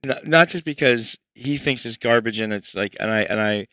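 A man with a medium-pitched, sharp-toned voice speaks at a moderate pace, with no room sound. Mixing music at home, he chats casually to his livestream audience, frustrated and rambling as he works through problems, with faint music playing back.

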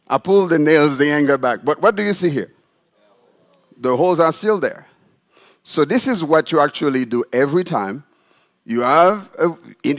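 A man preaching a sermon as pastor in a church, animated and demonstrative, putting questions to the congregation. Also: a little high. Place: church sanctuary.

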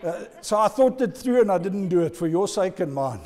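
A male pastor, preaching a sermon in an animated, playful way. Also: high voice, fairly quick. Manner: animated, playful, code-switching. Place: church. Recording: long church reverb.

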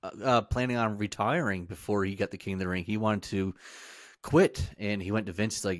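A man with a lowish voice co-hosting a talk podcast, chatting in an easygoing way and telling stories with the odd "uh". He is recorded close and dry, with no echo. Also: fairly even intonation, fairly quick. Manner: easygoing storyteller, fillers. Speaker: podcast co-host. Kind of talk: casual chat.

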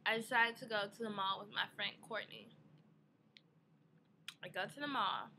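A woman's voice: mid-range voice, moderate pace, sharp tone, slight background noise. A young woman in a casual vlog, telling an exasperated story about her day with a lot of swearing. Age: young adult. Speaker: vlogger.

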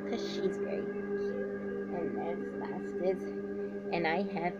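A woman's voice: lowish voice, steady tone, takes it slowly, lo-fi sound, music in the background. A woman in a casual show-and-tell vlog, announcing her handmade puppets one by one and giving them animal noises.

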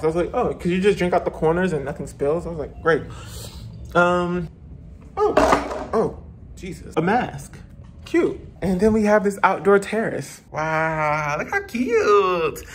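A man's voice: a little high, sing-song, moderate pace, a little hiss or hum. A man giving a casual, gushing vlog tour of a hotel room, chatting to viewers and exclaiming over every detail. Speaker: travel vlogger.

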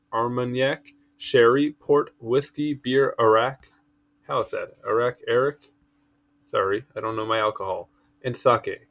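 A man reading an encyclopedia article aloud in a casual way, stumbling over words and adding offhand asides. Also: mid-range voice. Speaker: article reader.

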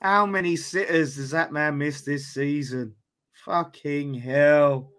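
A man reacting loudly to a football match on a fan watch-along, excitable and swearing. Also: a little high, slow pace. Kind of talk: live watch-along commentary.

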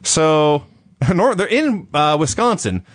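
Male co-host, dry sarcastic recapper, slightly high voice with lively rise and fall. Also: slow pace. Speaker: podcast co-host. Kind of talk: casual chat, recapping matches.

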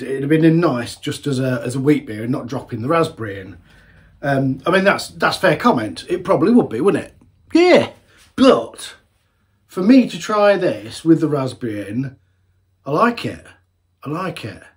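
A man's voice: mid-range voice, animated, moderate pace, darkish tone. A man in a casual beer-tasting vlog, chatty and rambling, often correcting himself mid-sentence. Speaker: homebrewer reviewing beers.

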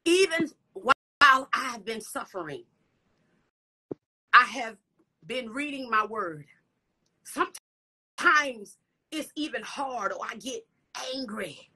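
Woman preacher, high bright voice, fervent sermon delivery with whispered asides. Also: lively intonation, slow pace, long pauses. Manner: breathy whispered asides, repeated "come on" and "hallelujah".

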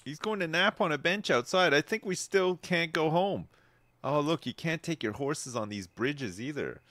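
A man's voice: lively intonation, moderate pace, fairly bright tone, no echo. Dry, wry man commenting on his game. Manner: wry, laughing, swings between amused high and muttered low. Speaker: streamer playing a life-sim game. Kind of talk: casual gameplay commentary.

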